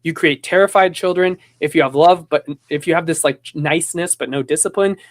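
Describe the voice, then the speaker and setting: A man with a notably high speaking voice talks casually as a podcast host. He tells stories in an animated way, rambles with restarts, and slips into other people's voices when quoting them. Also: a little fast. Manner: animated storytelling, acts out quoted voices. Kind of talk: casual conversation.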